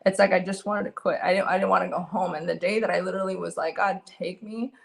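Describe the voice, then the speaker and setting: Low, gravelly-voiced woman sharing testimony. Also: fairly even intonation. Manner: earnest, halting, with many restarts. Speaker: guest. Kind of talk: candid personal testimony.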